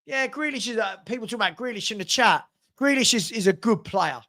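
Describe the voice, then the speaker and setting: A man calling a football match as a fan at home. His commentary is partisan and excitable, getting loud at big moments. It sounds like a casual stream from a home room. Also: high-pitched, brisk. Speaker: fan watch-along commentator. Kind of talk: live match watch-along commentary.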